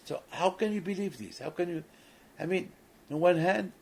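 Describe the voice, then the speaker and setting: A man's voice: sits high, normal speed, creaky, husky, rough recording. A man, a rabbi, gives a sermon and tells a story, often restarting and repeating words, in non-native English phrasing.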